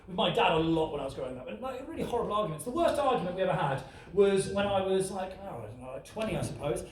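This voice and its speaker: A man performing a stand-up comedy set, telling a story in an animated way and checking in with the audience. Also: high-pitched, quick pace. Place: comedy club stage. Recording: echoey club, from far off. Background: audience laughter.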